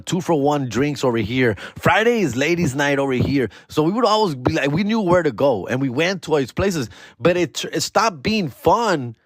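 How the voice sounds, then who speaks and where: A man telling a profane comedy story on his podcast, dropping Spanish words and doing other people in high voices. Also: no room sound, studio quality. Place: podcast studio.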